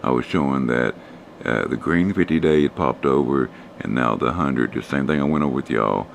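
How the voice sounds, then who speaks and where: A man, hoarse and losing his voice, casually talking through stock charts for a live stream audience. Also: a bass voice, moderate pace, slight background noise. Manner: relaxed, rambling, talks to chat viewers.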